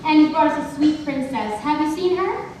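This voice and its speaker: A woman's voice: high voice, moderate pace. A young woman playing a giddy lady-in-waiting. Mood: gushing. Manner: gushing and excitable. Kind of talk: school stage musical acting. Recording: echoey hall from far off, with music.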